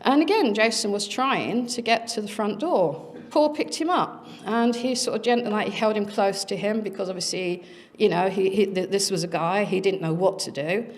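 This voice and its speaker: A middle-aged woman speaking at a conference, earnestly recounting a family experience with dramatic pauses. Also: medium pitch. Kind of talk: personal storytelling talk.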